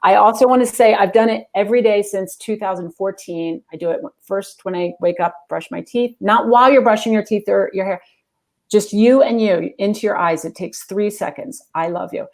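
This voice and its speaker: Earnest woman coach talking fast. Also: medium pitch, a little mellow. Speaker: guest, executive coach. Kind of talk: interview answers.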